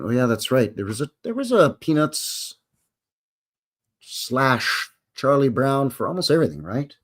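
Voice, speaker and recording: A man's voice: medium pitch, very animated, moderate pace, fairly bright tone. A man hosting a casual live stream, chatting, reading aloud and adding asides.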